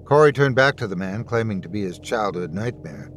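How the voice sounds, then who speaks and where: A man narrating a scary story in an expressive, storytelling way. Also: on the low side, fairly quick, few pauses, a little hiss or hum. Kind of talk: scripted horror story narration.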